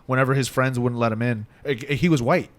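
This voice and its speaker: A man's voice: mid-range voice, fast. A man in his early twenties co-hosting a podcast, joking and chatting casually with lots of fillers. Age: early 20s. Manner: joking, banters with filler words. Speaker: podcast co-host. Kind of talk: casual chat.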